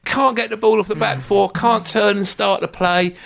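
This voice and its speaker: A man's voice: high voice, normal speed, creaky. A man in casual football chat, ranting and joking with a friend. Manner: animated, ranting, jokey.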